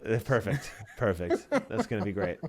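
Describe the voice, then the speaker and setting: Male podcast co-host, lively pitch, animated storyteller who acts out the people he quotes. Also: moderate pace. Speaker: podcast co-host and voiceover artist. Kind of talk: casual podcast chat.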